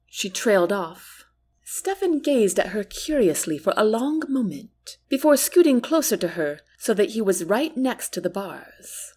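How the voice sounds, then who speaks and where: A woman narrating a novel chapter in a clear, even, storybook reading. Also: medium pitch, measured pace. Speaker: audiobook narrator.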